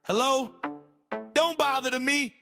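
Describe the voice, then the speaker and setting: A man playing a loud, cursing taxi passenger who scolds her old driver in a drawling, sassy rant over music. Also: very high-pitched, a little slow. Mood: furious. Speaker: performer in a music video. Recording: loud music mixed under the voice.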